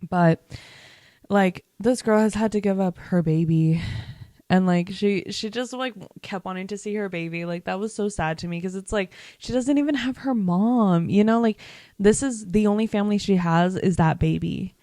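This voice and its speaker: A woman's voice: mid-range voice, moderate pace, dark tone, no room sound, clean studio sound. A young woman vlogger chatting casually about a TV series, emphatic and full of "like" and swearing. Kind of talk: casual reaction chat.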